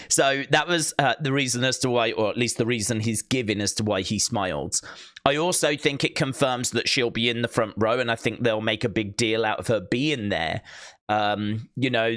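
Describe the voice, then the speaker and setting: A man hosting a wrestling news channel, recapping and paraphrasing quotes in an excited, casual way with plenty of fillers. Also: medium pitch, no echo, studio quality.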